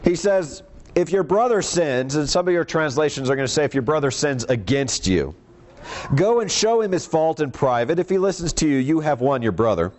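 A man's voice: fairly high pitch, very animated, normal speed, a little mellow. A man preaching a sermon, reading scripture aloud and explaining it in a conversational way. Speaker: pastor.

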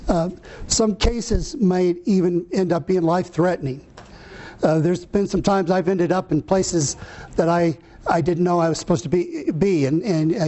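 A man preaching a sermon, reading scripture slowly and earnestly, with some fillers and restarts. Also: high-pitched, dark tone.

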